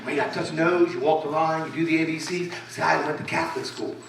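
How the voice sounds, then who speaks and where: A middle-aged man doing a stand-up comedy set with loud, punchy crowd work on a club stage. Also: fairly high pitch, fairly even intonation, quick pace, creaky. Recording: echoey club recording from far off, crowd noise. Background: audience laughter and club chatter.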